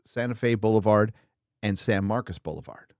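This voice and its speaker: A man's voice: fairly low pitch, moderate pace, a little mellow, dry recording, studio quality. Rambling, crude-humored man hosting a chat show. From Southern California. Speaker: host. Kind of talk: casual livestream chat.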